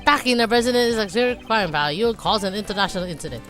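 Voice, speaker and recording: A woman voicing a loud, blustering male police detective in a fan dub of a game. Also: mid-range voice, animated, very fast, soft background music, natural voice.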